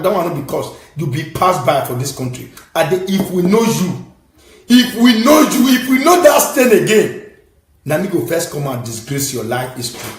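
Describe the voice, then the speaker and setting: A fairly high-voiced Nigerian man lectures his audience in a scolding, preachy way, his pitch leaping up and down as he bursts into shouts. The sound bounces around an echoey room. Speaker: online commentator. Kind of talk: impassioned commentary.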